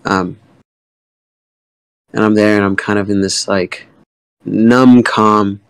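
A man's voice: lowish voice, steady tone, smooth, dry recording, poor audio. Candid young man telling his story. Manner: emotional, halting, with frequent fillers and swearing. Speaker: guest artist in a community AMA.

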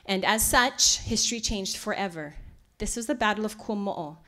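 Animated woman telling stories. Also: mid-range voice, normal speed. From Hawaii. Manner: animated, acts out quoted voices. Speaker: lecture presenter. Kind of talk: storytelling lecture.

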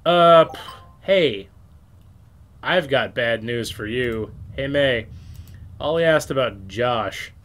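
A man's voice: mid-range voice, animated, takes it slowly, pauses often, fairly bright tone. A man giving let's-play commentary, rambling and self-mocking as he reads messages aloud and swears casually. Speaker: game streamer.

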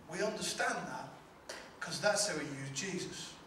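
A man's voice: on the high side, animated, moderate pace, background noise. Man, pastor, preaching, emphatic rhetorical repetition, heard from afar, faint room ambience. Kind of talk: preaching a sermon. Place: large church hall. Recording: echoey hall from far off, faint ambience.

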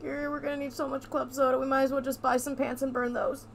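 A woman's voice: sits high, flat delivery, fast, gravelly, heavy background noise. A young woman giving joking, teasing commentary while playing a video game. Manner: sarcastic, teasing, playful. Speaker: gaming streamer. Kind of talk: joking let's-play commentary.

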